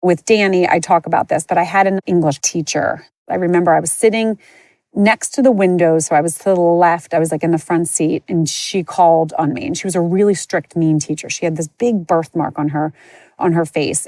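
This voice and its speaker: A woman's voice: on the low side, warm tone, no room sound. A woman podcast host candidly telling her own life story in a chatty, conversational way. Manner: candid, chatty, frequent "like" and "you know". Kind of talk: personal storytelling.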